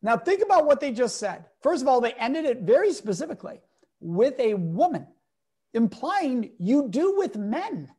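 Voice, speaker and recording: An emphatic male speaker, a guest educator in an interview, lays out his points with lively energy and slips in acted-out quotes as he tells anecdotes. His delivery is expressive and driven. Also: very high-pitched, normal speed, breathy edge. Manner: emphatic, lively, acts out quotes in different voices.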